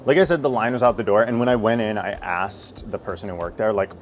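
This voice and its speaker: A man from the United States in his thirties, chatting excitedly and casually while tasting pastries on city streets, swearing now and then. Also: fairly low pitch, fast, slight background noise. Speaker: food vlogger. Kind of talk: casual food vlog. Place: streets and bakeries of a city, outdoors.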